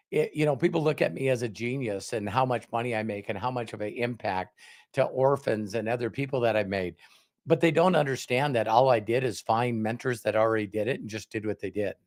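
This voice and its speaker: A man in his sixties, hosting a livestream, who tells animated stories and acts out quoted voices. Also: medium pitch, fairly quick. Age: 60s. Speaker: host. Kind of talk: casual panel talk on a livestream.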